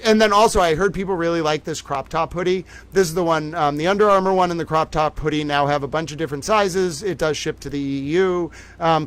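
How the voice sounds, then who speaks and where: A man's voice: on the high side, fairly bright tone, low-quality recording. A man hosting a livestream in a playful, theatrical showman manner, chatting to viewers. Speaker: livestream host. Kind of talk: animated livestream chat.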